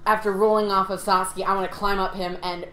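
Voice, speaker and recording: A woman taking part in a tabletop game, describing her moves in excited, gushing talk, recorded in an echoey room. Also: mid-range voice, fast talker, soft background music. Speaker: player. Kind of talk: casual tabletop game play. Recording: echoey room with faint ambience.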